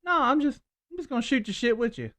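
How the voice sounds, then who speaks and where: A man's voice: very high-pitched, expressive, quick pace, sharp tone. A man co-hosting a casual podcast, telling rambling, laid-back stories into a shared mic at home. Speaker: podcast co-host. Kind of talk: casual chat. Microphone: shared swivel mic.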